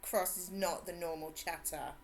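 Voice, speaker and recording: An English woman whose accent blends Suffolk, Cockney and a Brummie twang. She chats in a bubbly way with her viewers while streaming a game. She greets people warmly by name and laughs often. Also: fairly low pitch, steady tone, normal speed, soft background music. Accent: English, mixed Suffolk, Cockney and Brummie. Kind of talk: casual live-stream chat.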